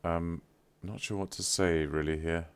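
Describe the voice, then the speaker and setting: A man's voice: low-pitched, fairly even intonation, a little slow, smooth. A man chatting casually on a live stream, effusive and playfully teasing. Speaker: livestreamer.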